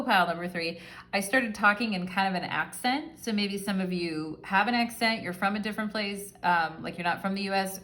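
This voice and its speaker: A mid-range, sharp-toned female voice belongs to a tarot reader doing a laid-back pick-a-card reading. She talks right to her audience in a friendly, affectionate, chatty manner, peppered with fillers.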